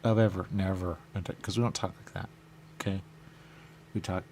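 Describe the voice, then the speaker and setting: Brief: male radio host, low gravelly voice, rambling mumbled patter with faint hiss behind. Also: steady tone, moderate pace, a little mellow. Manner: mumbling, repeats "there you go", chuckles. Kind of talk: rambling casual talk.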